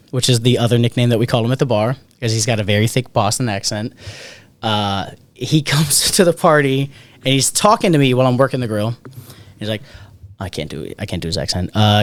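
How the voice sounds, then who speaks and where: Swearing podcast host, dry close sound. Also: male voice, mid-range voice, no room sound. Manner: swears freely, loose rambling retelling. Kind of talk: casual storytelling chat.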